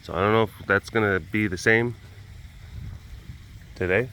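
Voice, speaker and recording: A man's voice: fairly low pitch, normal speed, pushed and bright, slight background noise. A man hosting a casual walk-around vlog at an animal facility, rambling playfully and chatting to the animals. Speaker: animal keeper vlogger. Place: outdoors at a rural animal facility.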